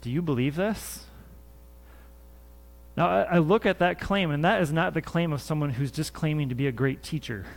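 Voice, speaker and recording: A man's voice: fairly high pitch, brisk, creaky, few pauses. A man preaching a sermon in church as pastor, earnest and conversational, often repeating his phrases. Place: church sanctuary.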